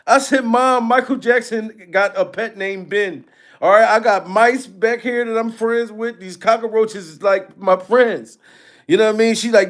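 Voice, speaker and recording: Male livestream host with a high voice. Loose and profane, laughs a lot, thanks donors. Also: a little slow, fairly bright tone. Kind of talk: casual livestream chat.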